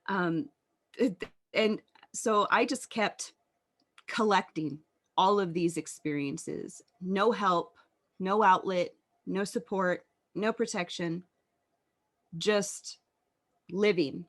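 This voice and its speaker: A woman in her thirties, a podcast guest telling her personal story in an earnest, reflective way with halting pauses. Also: lowish voice.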